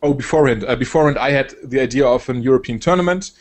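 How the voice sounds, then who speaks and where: A young man from Germany with a German accent, chatting casually as a guest, relaxed and hesitant with many fillers. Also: mid-range voice, very fast. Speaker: guest, game shoutcaster. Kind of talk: casual chat.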